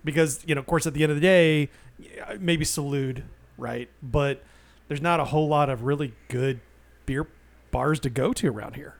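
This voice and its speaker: A man with a somewhat high voice, co-hosting a relaxed podcast. He speaks in a dry, sarcastic way and drops quick asides. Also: vocal fry. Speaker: podcast co-host. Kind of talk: casual chat.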